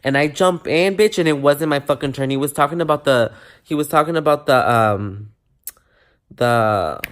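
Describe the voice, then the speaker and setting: A young man vlogging a casual storytime to camera, animated and full of swearing, dropping in Spanish words. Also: fairly high pitch, moderate pace.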